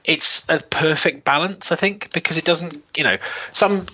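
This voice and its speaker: A man's voice: fairly high pitch, moderate pace, bright, forceful tone. A man co-hosting a film review podcast, chatting casually and acting out quoted lines with animation. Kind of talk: casual chat. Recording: dull lo-fi sound.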